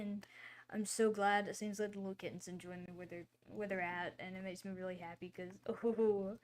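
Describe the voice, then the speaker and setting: A woman's voice: mid-range voice, darkish tone. A woman hosting a casual livestream, talking in a rambling, chatty way with lots of fillers and apologies. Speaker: livestream host.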